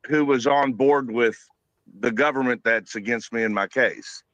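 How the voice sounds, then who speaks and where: A man's voice: mid-range voice, moderate pace, fairly bright tone, dry recording, dull audio. A man telling his side of a story in a casual conversation, meandering and leaning on fillers. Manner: loose, meandering explanation with fillers.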